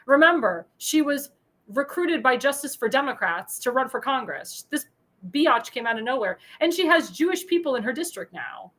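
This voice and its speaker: A woman hosting a political talk show, ranting in a heated monologue full of insults and bursting into angry shouts. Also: high-pitched, lively intonation, moderate pace, low-quality recording. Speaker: host.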